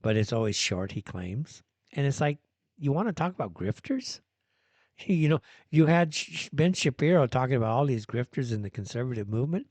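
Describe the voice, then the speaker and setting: A man's voice: mid-range voice, expressive, brisk, a little mellow, no echo. A man hosting a solo live-stream commentary show, ranting and sarcastic, with many fillers and restarts. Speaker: host.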